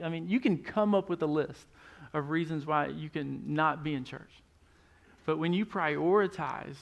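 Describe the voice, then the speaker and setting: A Texan man preaches a Sunday sermon in a loose, conversational way, doubling back on his words as he goes. His voice sits a little high and carries a gravelly rasp. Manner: conversational, repeats words at starts of phrases. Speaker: lead pastor. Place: church stage.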